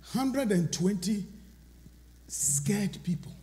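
High lively preacher guy, shouts then goes quiet, big echoey church. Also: slow. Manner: animated preaching, swinging from loud shouts to hushed asides. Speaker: pastor. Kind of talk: sermon. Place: large church sanctuary. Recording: long church reverb.

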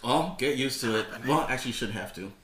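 A man's voice: mid-range voice, expressive, fast, fairly bright tone, echoey room. A man co-hosting a casual talk show, chiming in with jokes. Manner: joking, chiming in. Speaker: co-host. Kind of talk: casual podcast banter.

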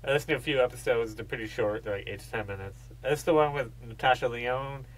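A man's voice: medium pitch, fast talker, a little hiss or hum, poor audio. A man co-hosting a podcast in casual chat, rambling through stories, swearing freely and laughing as he talks. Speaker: podcast co-host.

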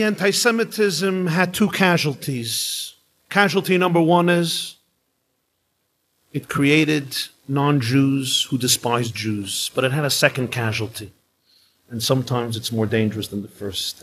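A man, a rabbi, giving a live inspirational sermon with emphatic storytelling and dramatic pauses. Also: mid-range voice, fairly bright tone, breathy edge, poor audio.

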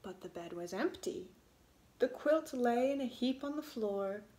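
A woman reading a storybook aloud in an expressive way, relishing the sound words. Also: on the high side, unhurried, reverberant.

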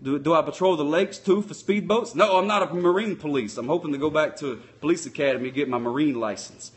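A man's voice: fairly high pitch, fast, close to an everyday voice. A man doing a folksy sock-puppet cop. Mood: chatty. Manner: folksy, rambling, loose grammar. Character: folksy male sock-puppet patrol cop, speeder-obsessed. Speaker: live-stream host. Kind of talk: comic live-stream chat answering viewers.

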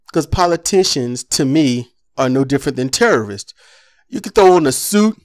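A man delivering an impassioned political commentary monologue, ranting with rhetorical questions. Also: a little high.

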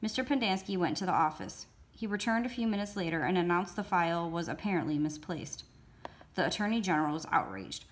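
A woman storyteller reading a novel aloud in a steady, expressive way. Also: on the low side, brisk. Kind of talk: read-aloud book narration.

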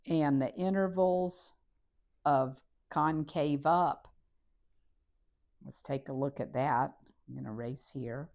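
Speaking slowly in a low voice with frequent pauses, a woman walks through a recorded math lesson. She works on a graph while steadily and methodically explaining each step as she writes.

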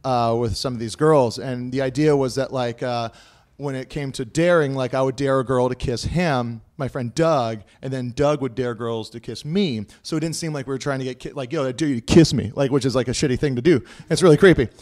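A man telling a long comic story on stage, rambling and swearing, full of fillers, and breaking into loud, high quoted voices. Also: a little fast. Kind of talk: live stand-up storytelling. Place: live stage before an audience.

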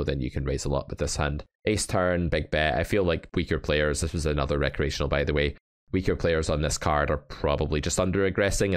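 A man from England reviewing poker hands as a coach, talking in a wry, animated way with joking asides. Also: a bass voice. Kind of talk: hand review commentary.

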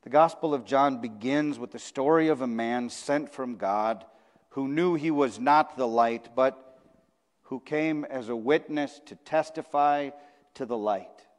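A man's voice: mid-range voice, unhurried. A male pastor giving a sermon in a conversational preaching style, repeating phrases for emphasis. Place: church sanctuary. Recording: long church reverb.

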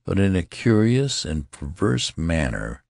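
A man reading an audiobook aloud in a lively, expressive way. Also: sits low, a little slow, vocal fry, no room sound, studio quality. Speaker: audiobook narrator. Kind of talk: scripted audiobook narration.

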